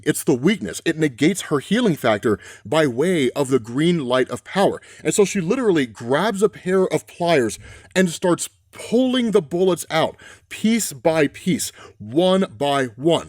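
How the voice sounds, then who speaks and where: A man's voice: on the high side, animated, measured pace, darkish tone, dry recording, studio quality. A man giving a casual, conversational comic book recap and often tossing in rhetorical questions. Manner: conversational, frequent rhetorical "right?".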